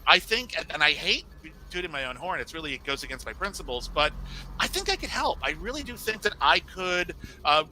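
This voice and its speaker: A man arguing his case in a casual podcast debate, talking fast and animated, sometimes over others. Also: on the high side, a little hiss or hum, poor audio.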